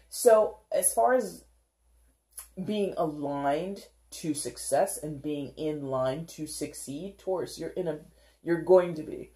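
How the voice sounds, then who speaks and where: Low, slow, mellow-voiced woman tarot reader. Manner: chatty, giggly, rambling with many "like" fillers. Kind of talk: casual tarot reading.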